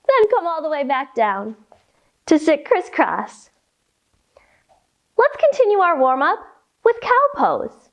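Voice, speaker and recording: A young woman leads little kids through yoga in a high voice that swoops up and down. She talks slowly, in a cheerful sing-song, and breaks into rhymes and playful animal noises. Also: sing-song, highs cut off. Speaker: kids' yoga teacher. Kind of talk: guided children's yoga with rhymes.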